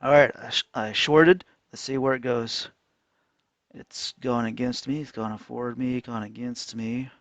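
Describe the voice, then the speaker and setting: A man ranting casually while trading on a chart, animated and mocking. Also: mid-range voice, unhurried, dry recording. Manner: animated, mocking voices, frequent laughs. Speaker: trading vlogger. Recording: dull lo-fi dry sound.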